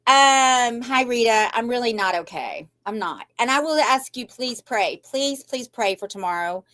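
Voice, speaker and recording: An older woman who hosts a craft channel talks to her viewers in an emotional live chat, rambling and anxious before turning defiantly upbeat, her shaky voice close to tears. Her voice is a little high, animated and fairly bright, and a little slow.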